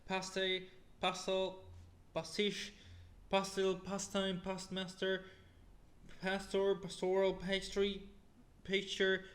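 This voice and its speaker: A man's voice: sits high, monotone, takes it slowly, pauses often, a bit bright. A man reading a long list of words aloud one after another, often stumbling, restarting and repeating them, sounding weary from the long reading. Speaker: YouTuber.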